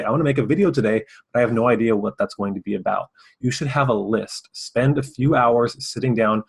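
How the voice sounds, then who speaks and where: Fast-talking husky male vlog host. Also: medium pitch, rough recording. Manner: fast-talking, sometimes mumbles words. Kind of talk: casual to-camera advice.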